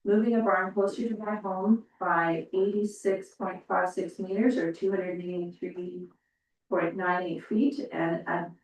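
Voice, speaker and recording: A woman on council reading a resident's letter aloud in a steady, plain manner. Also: mid-range voice, a little hiss or hum. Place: council chamber. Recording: very echoey distant meeting room.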